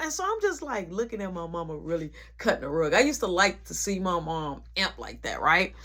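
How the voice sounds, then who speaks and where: Animated, husky woman telling a story. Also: on the low side, moderate pace, few pauses. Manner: animated, slangy, acts out scenes. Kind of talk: casual storytelling vlog.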